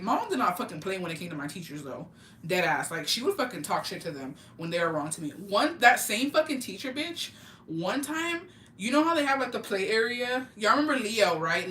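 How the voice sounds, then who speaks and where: A young woman telling a story in an animated, profane, slang-filled way for a vlog, in an echoey room. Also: medium pitch, slight background noise. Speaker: vlogger. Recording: echoey room, mic at a distance, faint ambience.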